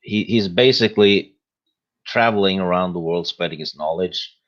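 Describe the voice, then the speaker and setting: Deep-voiced man explaining, dull lo-fi sound. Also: normal speed. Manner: explanatory, hesitant with many fillers. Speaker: podcast guest. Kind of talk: casual podcast discussion.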